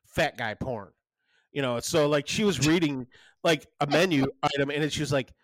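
A man's voice: on the high side, normal speed, dry recording. Rambling man host, dry close sound. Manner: rambling, many restarts, animated storytelling. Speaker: podcast co-host. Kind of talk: casual chat.

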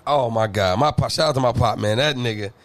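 A man telling stories in a casual chat, animated, with loud high bursts and low mutters, laughing often. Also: brisk. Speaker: podcast co-host.

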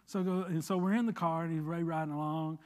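A man preaching a sermon in a church, moving from emphatic declarations to a relaxed personal story told with quoted dialogue. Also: on the high side, fast, long reverb tail. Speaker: pastor.

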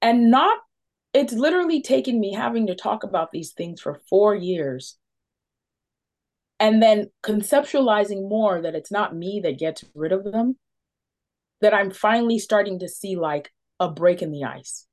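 A woman's voice: medium pitch, expressive, unhurried, a little mellow. A woman in her thirties giving candid, self-mocking testimony at a recovery meeting, often laughing at herself. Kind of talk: personal testimony.

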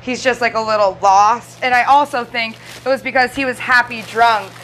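High bright giggly woman co-host. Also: moderate pace, a little hiss or hum, poor audio. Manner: giggly, retells scenes with acted lines. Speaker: podcast co-host. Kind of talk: casual chat about a movie.

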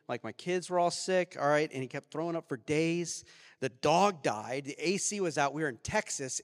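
A man preaching a sermon as pastor, animated, swinging from loud outbursts to quiet reflection. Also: a little high, in a large hall. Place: church sanctuary.

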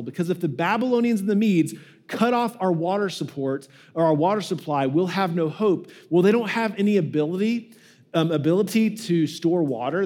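A man with a high voice preaches in a relaxed, joking way and slips into playful voices for the people in his stories. It sounds like a pastor talking straight to his congregation. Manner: casual and joking, acts out quoted voices. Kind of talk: sermon.

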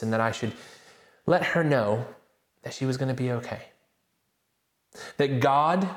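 A man preaching from the front of a church, his mid-pitched voice carrying around a roomy hall. He tells his story with animated, self-deprecating energy and leans into the lively moments. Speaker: pastor. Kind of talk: sermon with personal story.

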